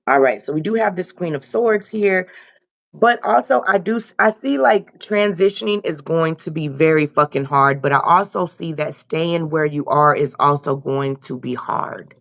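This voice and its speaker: A woman's voice: deep voice, moderate pace. A young woman giving a loose, casual tarot reading and repeating herself often. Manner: loose, repetitive, swears casually. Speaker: tarot reader.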